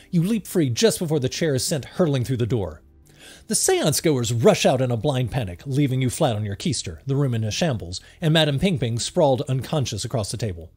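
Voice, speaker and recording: Lively man reading a text adventure. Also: mid-range voice, brisk, husky, soft background music. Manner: lively, reads with playful emphasis, laughs along. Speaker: let's-play host.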